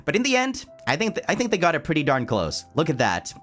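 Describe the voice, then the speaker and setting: A man chatting casually on a livestream, playful and animated, reading chat aloud and answering it, laughing often and tripping over words when excited. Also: fairly high pitch, fast, faint music behind. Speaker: streamer.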